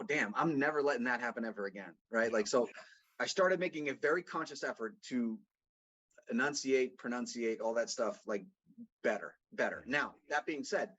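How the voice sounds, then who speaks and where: A man's voice: mid-range voice, a bit bright. A man from Boston with a faint, mostly neutral American accent, telling rambling stories in a casual podcast conversation. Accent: slight Boston, mostly neutral American. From Boston, USA. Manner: rambling storyteller, frequent restarts. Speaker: guest, consultant. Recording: dull lo-fi audio.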